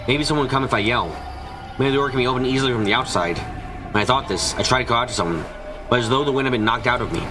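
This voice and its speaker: A man's voice: mid-range voice, fast. Man reading a visual novel over music. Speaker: let's play reader voicing a visual novel. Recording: music playing behind.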